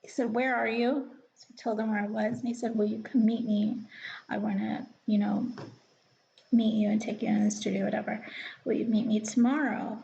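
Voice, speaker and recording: A young woman tells a personal story in a loose, rambling, confiding way, now and then slipping into a whisper. Her voice sits a bit high and carries a gravelly fry. The recording is slightly muffled, with faint noise underneath. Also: level tone, moderate pace, dark tone. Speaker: vlogger. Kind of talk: casual storytelling.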